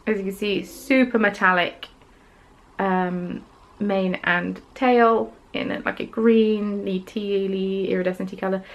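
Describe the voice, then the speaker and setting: A young woman hosts a craft podcast in casual show-and-tell mode, chatty and gushing about each piece. Her mid-pitched voice carries a steady gravelly fry, and she fills the gaps with relaxed ums. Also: unhurried, low-quality recording.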